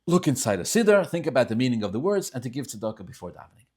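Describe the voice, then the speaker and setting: A man with an Ashkenazi yeshiva-style accent teaching a Tanya class, telling stories and swinging between soft asides and loud, emphatic stretches. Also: medium pitch, sing-song, racing, slightly rough. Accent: Orthodox Jewish English with Ashkenazi Hebrew and Yiddish terms. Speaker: Torah teacher.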